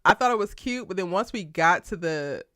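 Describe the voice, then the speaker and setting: A woman hosting a live TV show recap, talking in an animated, slangy, emphatic way and laughing often. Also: lowish voice, moderate pace, no echo. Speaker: TV show aftershow host.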